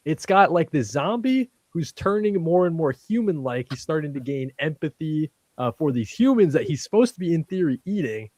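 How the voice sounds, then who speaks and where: A man's voice: on the high side, big pitch swings, normal speed, hardly any pauses, darkish tone, dry recording. A man on a casual comics panel chat, talking up books he loves with eager enthusiasm. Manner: enthusiastic, gushing recommendations. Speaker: podcast co-host.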